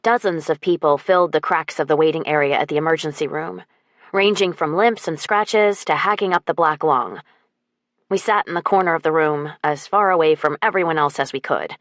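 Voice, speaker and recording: A woman narrating a first-person romance audiobook with an expressive, wry delivery. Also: low voice, fairly quick, no room sound, studio quality.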